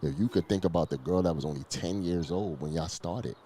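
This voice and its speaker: Very deep-voiced rambling man. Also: brisk, a crowd in the background. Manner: rambling, stumbles and repeats words. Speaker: battle rap league host. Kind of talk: casual interview chat.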